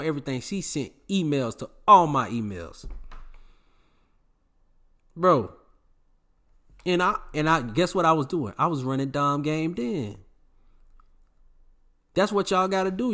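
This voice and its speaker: A man's voice: fairly high pitch, fairly bright tone. A man giving dating advice to the camera in an emphatic, preachy, repetitive way, full of slang. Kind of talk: casual advice monologue to camera.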